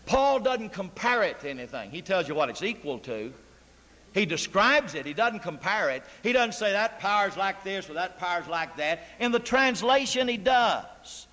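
A man's voice: sits high, sing-song, normal speed, bright, forceful tone. A man preaching a sermon in a church, emphatic and full of rhetorical questions to the congregation. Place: church sanctuary. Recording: long church reverb.

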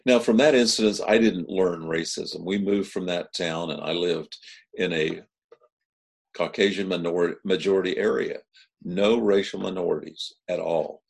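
A man from Kansas giving a recorded sermon as pastor, speaking in an earnest, measured way and rising in pitch to stress key words. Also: gravelly, slightly rough.

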